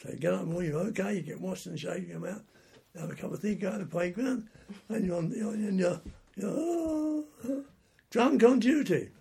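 A man's voice: high voice, steady tone, quick pace, few pauses, mellow. An older man, a war veteran, telling rambling stories from his service in an oral history interview, often repeating and restarting words. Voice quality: gravelly and raspy.

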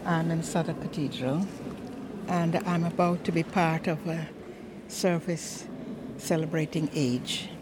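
A woman around ninety from Guyana, a lay preacher telling her life story softly, often dropping to a whisper, in a large cathedral. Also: deep voice, steady tone, unhurried, noisy background. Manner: soft-spoken, often sinking to a whisper. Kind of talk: personal storytelling.

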